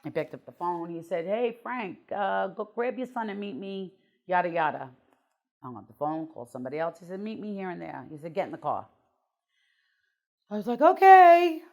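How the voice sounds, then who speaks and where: A woman's voice: fairly low pitch, lively intonation, brisk, gravelly. A middle-aged woman, a guest on an interview show, telling her life story bluntly and emotionally, with some swearing.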